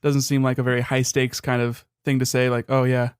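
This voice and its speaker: A man's voice: medium pitch, level tone, fairly quick, clean tone, dry recording. A young man co-hosting a casual podcast, thoughtful and wry with dry jokes. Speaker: podcast co-host. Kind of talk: casual chat.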